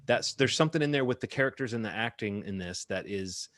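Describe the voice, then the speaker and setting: A man talks fast in a casual podcast chat, and his voice leaps up in pitch when he gets excited. The sound is dry and close, with no room around it. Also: dry recording. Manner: animated, laughing, pitch jumps when excited. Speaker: podcast co-host.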